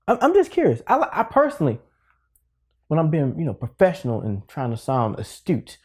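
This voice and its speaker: A man's voice: a little high, sing-song, fast, a little mellow. A man hosting a casual video lesson for teachers, talking in a playful, conversational way full of asides. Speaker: teacher and education video host.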